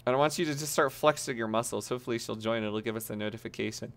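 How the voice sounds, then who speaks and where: A man live-streaming in casual chat, excitable and laughing often as he coaches a friend, cursing freely. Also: medium pitch, very fast, a little hiss or hum.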